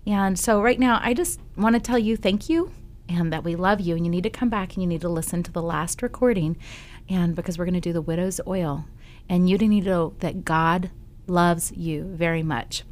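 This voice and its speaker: Woman radio host, slightly low voice, chatty storyteller with ums. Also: normal speed, a little mellow. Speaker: Christian radio show host. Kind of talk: casual faith talk on radio. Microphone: studio microphone.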